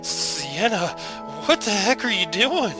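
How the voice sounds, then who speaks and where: A man voicing a shy, excitable teenage girl who stammers when flustered, speaking over game music. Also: slow pace, full character voice, low-quality recording. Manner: flustered, stammering, high squeaky delivery.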